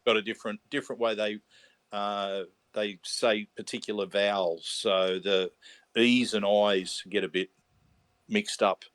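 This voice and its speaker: A man's voice: fairly low pitch, flat delivery, a little slow, a bit bright, no room sound. An Australian man co-hosting a podcast, thinking aloud in a hesitant way with frequent restarts. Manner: thoughtful, hesitant, lots of restarts. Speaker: podcast co-host. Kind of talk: casual chat.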